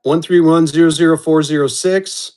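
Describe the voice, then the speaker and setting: A man's voice: on the high side, fairly even intonation, moderate pace, mellow, clean tone. Chatty man running a live auction. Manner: upbeat, chatty, calls out bidders. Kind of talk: live-stream auction chat.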